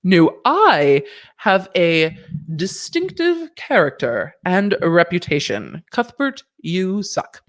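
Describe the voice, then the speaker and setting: A woman voicing a haughty caterpillar cake mascot in a slow, snooty drawl. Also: on the low side, big pitch swings.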